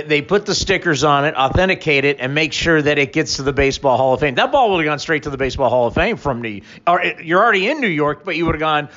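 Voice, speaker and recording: A man's voice: a little high, sharp tone, highs cut off. A man co-hosting a baseball talk show, chatting in a conversational, reflective way. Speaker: baseball podcast co-host. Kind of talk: casual sports chat.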